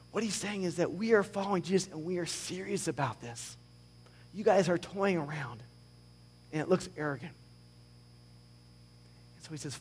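High-voiced man preaching a sermon. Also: moderate pace, long pauses, husky, long reverb tail. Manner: conversational, animated scripture reading with sarcasm. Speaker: pastor.

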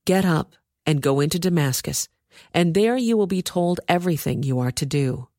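Woman reader giving a solemn, firm divine voice, low and dry. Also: expressive, moderate pace, darkish tone, no room sound. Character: calm commanding male divine voice.

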